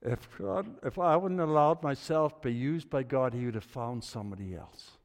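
A man, older, preaching a sermon with a personal story, dropping to low murmurs and rising to loud excited bursts. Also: moderate pace. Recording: long reverb of a hall.

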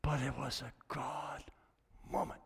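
A man, older, preaching a sermon with a personal story, dropping to low murmurs and rising to loud excited bursts. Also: unhurried, gravelly, breathy edge. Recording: long reverb of a hall.

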